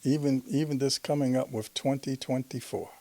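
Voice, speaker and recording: A man's voice: mid-range voice, fairly even intonation, normal speed, warm tone, no echo. A man hosting a talk show, talking in an earnest, conversational way. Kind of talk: casual interview talk.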